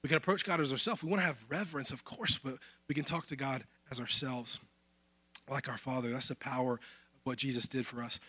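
A man's voice: mid-range voice, steady tone, fairly quick, bright, forceful tone, husky, no echo. A man preaching a sermon in a casual, conversational way. He is losing his voice. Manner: conversational preaching, addressing listeners as y'all. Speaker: pastor.

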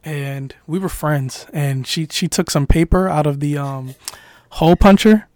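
Male friend, animated storyteller who voices classmates, casual group podcast. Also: fairly high pitch, measured pace, no room sound, studio quality.

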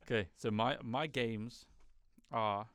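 A man co-hosting a podcast in casual chat, laid-back and quick with short agreeing replies. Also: medium pitch, steady tone, fairly bright tone, clear, resonant tone, dry recording. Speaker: podcast co-host.

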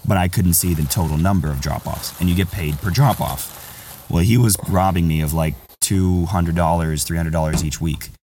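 A man with a very low voice tells a long story on his podcast, loose and candid, often calling his friend "bro." He sits a bit away from the microphone, so the voice sounds slightly distant. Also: normal speed, mellow, slight background noise. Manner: rambling, candid, says "bro" a lot. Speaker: podcast host.

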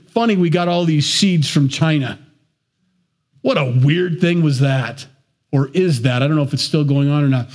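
A man preaching a sermon to his congregation, talking conversationally with joking asides. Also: on the high side. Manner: conversational preaching with asides and self-deprecating jokes. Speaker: pastor.

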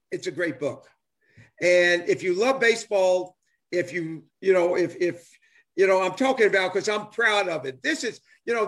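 A man's voice: high voice, a bit bright. An older man, a former ballplayer talking casually and enthusiastically, rambling with many restarts and fillers. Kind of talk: casual chat on a live stream.

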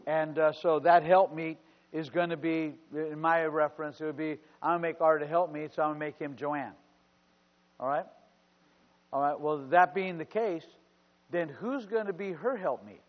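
A man's voice: on the high side, normal speed, in a large hall. A man preaching a sermon as pastor, calling out to his congregation. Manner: preaching with call-outs to the congregation. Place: church. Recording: dull lo-fi sermon recording.

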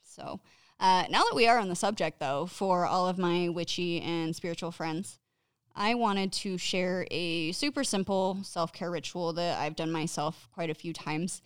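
A woman talks through self-care habits in a relaxed, candid way, cursing freely and laughing at her own awkwardness. Her voice sits on the low side and sounds smooth and clear. The sound is dry and close, with no room around it. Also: measured pace, dry recording. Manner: chatty and self-deprecating. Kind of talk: casual advice talk.

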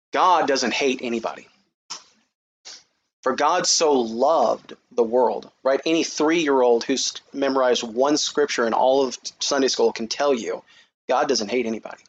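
A man preaching a sermon who reads scripture in a raised, high voice and then talks to the congregation in a casual way. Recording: dull, lo-fi recording with faint noise.

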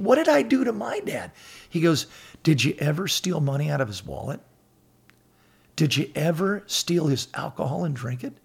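A man's voice: fairly high pitch, creaky, slightly rough. A middle-aged man on a faith talk show, earnestly telling personal stories, quoting scripture and acting out the dialogue of others. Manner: earnest storytelling, quotes scripture and acts out dialogue. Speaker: podcast guest sharing faith stories.

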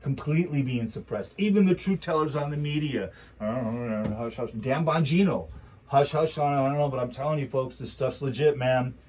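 A man's voice: mid-range voice, brisk, hardly any pauses, darkish tone, slight background noise, rough recording. A man talking politics in a casual chat, ranting heatedly with lots of rhetorical repetition. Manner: mocking quoted voices.

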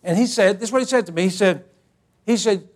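A man delivers a sermon in a notably high voice. He tells a humorous story in a folksy, animated way and often repeats words as he builds toward the point. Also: fast talker. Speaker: preacher.

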